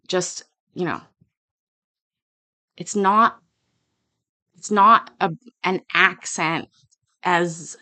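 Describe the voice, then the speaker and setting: A woman's voice: lowish voice, bright, forceful tone, no echo. A woman hosting a casual commentary over court footage, rambling with restarts and asides.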